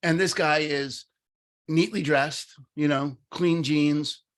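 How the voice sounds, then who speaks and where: A middle-aged man talking on a podcast in a fairly high voice. He tells his story in an animated, rambling way, full of fillers and restarts, and acts out the voices of the people in it. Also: slow. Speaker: podcast co-host. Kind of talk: casual conversation with storytelling.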